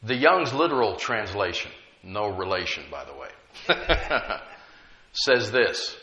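Guy preaching a sermon, bright voice, pitch all over the place, slows way down on key words, chuckles at his own jokes. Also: sing-song, roomy sound, dull audio.

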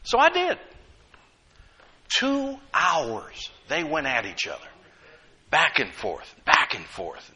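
A middle-aged man, preaching a sermon as a pastor, lively and full of laughs and acted-out voices. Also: fairly high pitch, takes it slowly, long pauses, muffled recording.

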